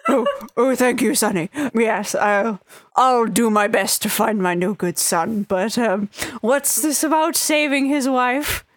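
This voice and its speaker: A woman's voice: a little high, measured pace, close to an everyday voice. A woman voicing a frail, polite old grandfather with a cane, who talks in a doddering, stammering way. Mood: flustered.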